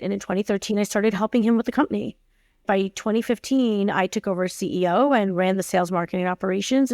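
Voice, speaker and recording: In a mid-range voice with a darkish tone, a tech company CEO in her forties talks candidly as a podcast guest. Her storytelling is emphatic, complete with acted-out dialogue. The recording is dry, with clean studio sound.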